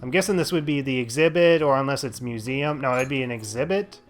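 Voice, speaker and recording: A man's voice: medium pitch, brisk, faint music behind. Sarcastic man narrating a video game. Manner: sarcastic, thinks aloud with many fillers. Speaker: let's play host. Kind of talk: casual gameplay commentary.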